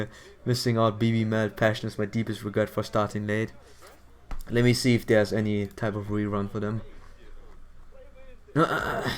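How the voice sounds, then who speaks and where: A man's voice: fairly low pitch, fairly bright tone, clear, resonant tone. A man streaming a game, chatting casually in a rambling way, repeating words and laughing often. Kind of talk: casual live-stream chat.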